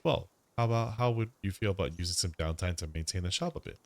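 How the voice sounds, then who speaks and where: A man voicing a gentle, polite male tea shop keeper who speaks formally with slightly odd grammar. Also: low voice, quick pace.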